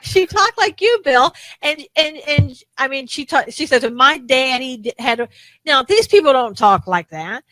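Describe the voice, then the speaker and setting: A woman co-host talks politics in an animated, indignant rush, often restarting her sentences. Her voice sits a little high and sounds bright and forceful. The recording is dry and close. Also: normal speed, hardly any pauses, no echo, rough recording. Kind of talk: casual political talk show chat.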